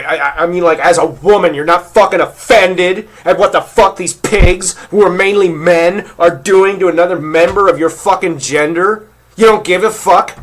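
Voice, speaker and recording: A man vents at his viewers in a furious monologue, cursing nearly every sentence. His voice sits a touch higher than most men's, and he stammers and repeats himself as his anger builds. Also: a bit bright. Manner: heated, swearing constantly, repeats himself when worked up. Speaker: vlogger. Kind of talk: angry profane rant to camera.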